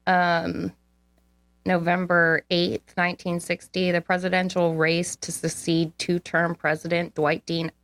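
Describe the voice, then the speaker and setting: Low-voiced young woman reading history dates. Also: monotone, measured pace, fairly bright tone, no echo. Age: young adult. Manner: reads history dates, blunt and profane asides. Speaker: co-host. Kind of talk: casual podcast chat.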